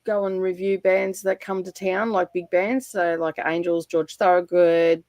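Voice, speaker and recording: A woman's voice: fairly low pitch, little pitch movement, unhurried, a little mellow, no room sound. A middle-aged Australian woman in casual chat on a livestream, rambling and chatty, with lots of fillers and frequent laughter. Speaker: livestream guest.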